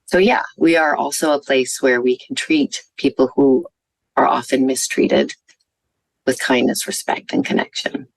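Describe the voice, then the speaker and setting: A woman's voice: very deep voice, fairly even intonation, unhurried, dry recording, rough recording. A woman physician, giving an earnest conference talk and telling stories with some fillers. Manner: earnest, warm storytelling with fillers. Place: conference venue.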